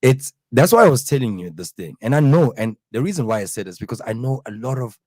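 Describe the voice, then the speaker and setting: A man chatting casually as a podcast host, explaining his ideas in an earnest, halting way with lots of fillers and restarts. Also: mid-range voice, expressive, darkish tone, no room sound. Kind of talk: casual chat.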